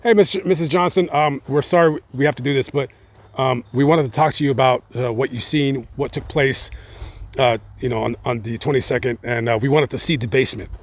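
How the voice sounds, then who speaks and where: A man voicing a blunt sheriff's detective in a low, matter-of-fact tone. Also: steady tone, fairly quick, natural voice. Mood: polite. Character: blunt male sheriff's detective, middle-aged.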